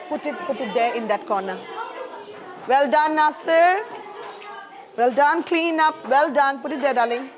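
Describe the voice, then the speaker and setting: High-voiced teacher woman in a classroom. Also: lively intonation, measured pace, some chatter behind. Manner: encouraging, calls pupils darling. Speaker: primary school science teacher. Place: school classroom.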